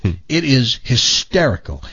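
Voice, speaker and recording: A man hosting a radio show in the studio, telling stories in a rambling, animated way with lots of restarts. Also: medium pitch, takes it slowly, breathy edge, muffled recording. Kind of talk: casual morning show banter.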